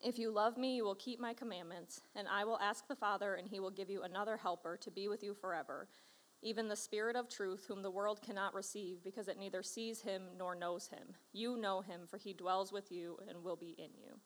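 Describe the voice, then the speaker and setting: A woman's voice: medium pitch, fairly even intonation, a little fast. Woman reading scripture aloud. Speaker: scripture reader.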